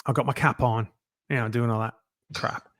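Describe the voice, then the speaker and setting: A middle-aged man, a guest telling lively anecdotes and acting out other people's lines in a casual interview. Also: mid-range voice, normal speed, no echo, studio quality. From England.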